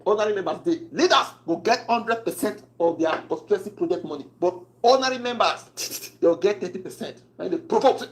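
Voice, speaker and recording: A woman with a Nigerian accent talks through the news in a wry, chatty manner, slipping between Pidgin and English. Her voice sits a little higher than most women's. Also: very animated, fairly quick, hardly any pauses, a bit bright, poor audio. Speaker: political commentary host. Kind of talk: casual political commentary.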